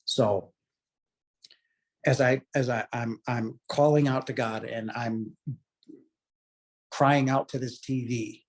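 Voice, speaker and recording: A guest in his late forties tells the story of his near-death experience in an earnest, heartfelt and emotional way. He speaks slowly with long pauses, his medium-pitched voice fairly even in intonation.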